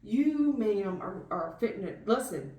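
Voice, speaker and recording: A woman giving a blunt, slang-filled tarot reading straight to the viewer, casual and animated. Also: medium pitch, unhurried, echoey room, distant mic, dull audio. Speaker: tarot reader.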